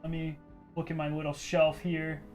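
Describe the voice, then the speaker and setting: A young man streaming live, chatting casually and excitedly with his chat, reading their questions aloud and answering them. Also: fairly high pitch, normal speed, faint music behind.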